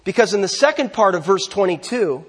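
A man preaching a sermon as pastor, earnest, slowing down to stress key phrases. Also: high voice, animated, breathy edge.

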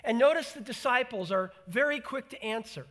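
A man preaching a sermon in an animated way, acting out the voices he quotes and repeating words for emphasis. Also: very high-pitched, normal speed. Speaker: pastor.

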